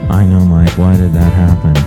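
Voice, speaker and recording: A man voicing a deep, loud engineer whose voice comes through distorted, speaking slowly and sheepishly. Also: completely flat delivery, natural voice. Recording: distorted, loud, music behind.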